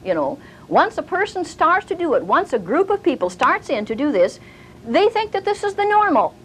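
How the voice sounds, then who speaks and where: A woman's voice: very high voice, normal speed, slight background noise, rough recording. An older woman teaching a sermon, telling stories and acting out the voices of the people in them. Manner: animated storyteller, acting out quoted voices. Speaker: Bible teacher.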